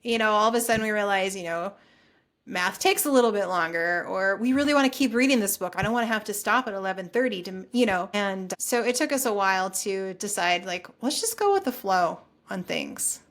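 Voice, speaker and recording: A middle-aged woman telling her story as a podcast guest, chatty and animated, acting out quoted lines. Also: mid-range voice, fairly quick. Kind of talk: casual storytelling interview.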